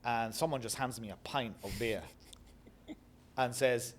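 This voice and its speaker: A middle-aged man from Bradford with a Northern English accent, telling animated stories as an interview guest and acting out the voices of people he quotes. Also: mid-range voice, a little slow, slight background noise. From Bradford, England. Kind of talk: reflective storytelling interview.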